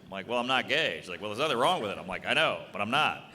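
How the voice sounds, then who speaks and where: A man doing stand-up comedy, brash and deadpan, acting out quick back-and-forth exchanges on stage. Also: on the low side, slight background noise. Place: comedy club stage before a live audience. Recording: live club recording with reverb and crowd.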